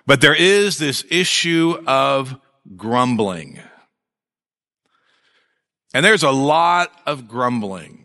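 A male pastor preaching a sermon in a conversational, animated way, with jokes and asides to his congregation. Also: mid-range voice, drawn-out words, pauses often, long reverb tail.

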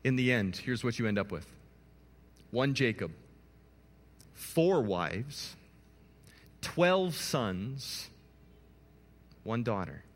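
A man preaching a sermon as a pastor, telling the story in an animated way with playful asides to his listeners. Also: mid-range voice, drawn-out words, long pauses. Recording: long hall reverb.

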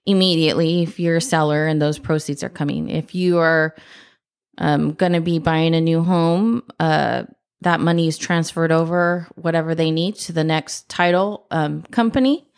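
A woman with a slightly low voice explains the process as a podcast co-host. She talks briskly, in quick bursts, with casual asides. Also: steady tone, clean tone. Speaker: podcast co-host, escrow professional.

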